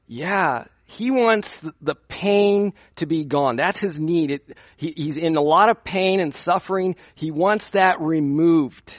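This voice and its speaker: A man's voice: fairly high pitch, takes it slowly, hardly any pauses, no echo. A young man preaching at a youth conference in a conversational way, asking his listeners questions as he teaches. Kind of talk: sermon.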